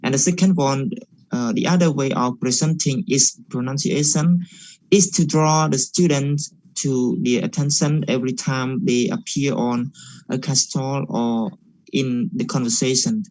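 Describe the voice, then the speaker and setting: A young man presents his part of a class project, moving haltingly through his points with frequent pauses and fillers. His voice sits at an average pitch for a man. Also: fairly even intonation, darkish tone, no echo, low-quality recording. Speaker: student presenter.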